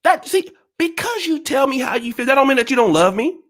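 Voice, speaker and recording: A man's voice: very high-pitched, lively intonation, fast, a bit bright. A man hosting his own channel, ranting at viewers in an emphatic, profane, repetitive, preachy way. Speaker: channel host.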